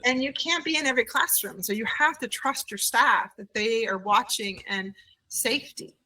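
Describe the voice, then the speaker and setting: Woman, childcare center owner, bright and slightly high voice, animated storytelling, a bit distant from the mic. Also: normal speed. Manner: animated, acts out quoted voices. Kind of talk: conversational interview storytelling.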